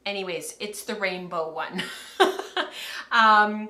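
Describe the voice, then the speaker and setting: Chatty bright-voiced woman host. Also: mid-range voice, normal speed, roomy sound. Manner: chatty, rambling, laughs often. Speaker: podcast host. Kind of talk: casual livestream chat. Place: home, filming on camera.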